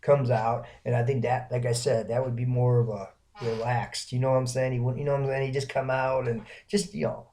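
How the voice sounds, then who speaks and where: A man's voice: medium pitch, little pitch movement, fairly quick, hardly any pauses, dark tone. A man from Alabama, rambling through a casual solo vlog with lots of fillers and restarts. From Alabama, American South. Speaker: vlogger.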